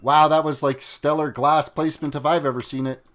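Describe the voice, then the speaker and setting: Rambling male streamer, a bit high-voiced, casual live chat over faint music. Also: level tone, brisk, fairly bright tone. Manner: rambling, chatty, talks to chat while playing. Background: faint music and keyboard typing.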